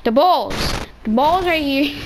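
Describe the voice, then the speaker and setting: A woman chatting casually while playing a video game, playful and excitable, often repeating herself. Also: high-pitched, slow. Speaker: gamer streamer. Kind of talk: casual gaming chat. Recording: noisy game capture.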